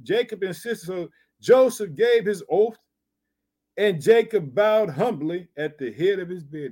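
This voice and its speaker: High-voiced emphatic preacher man. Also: lively intonation, a little slow, mellow. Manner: emphatic, repeats "did you hear that?". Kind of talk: sermon with Bible reading.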